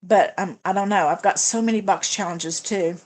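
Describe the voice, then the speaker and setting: A woman's voice: medium pitch, moderate pace. Woman livestream host, casual and hesitant, talks through budget plans with viewers. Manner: chatty, hesitant, many fillers and restarts. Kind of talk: casual livestream chat reading comments.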